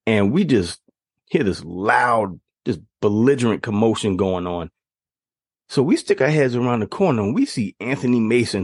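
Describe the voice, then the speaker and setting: Husky, expressive male storyteller, casual, dry close sound. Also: medium pitch, no echo. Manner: animated, laughs through the telling. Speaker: podcast host.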